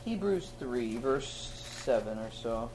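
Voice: mid-range voice, lively intonation, slow, background noise. A preacher giving a sermon in a conversational teaching style, with sudden emphatic outbursts.

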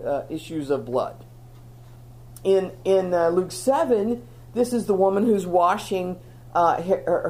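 A woman gives a sermon-style Bible lesson, her voice sitting on the lower side and swinging widely in pitch as she makes her points. She talks earnestly and conversationally, often doubling back to restart a phrase. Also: darkish tone. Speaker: Bible teacher.

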